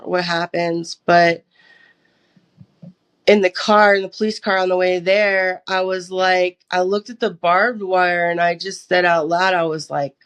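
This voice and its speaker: Speaking as a podcast interview guest, a young woman from the US gives her personal testimony, performing her own past lines of dialogue along the way. She has a lowish, clear and resonant voice.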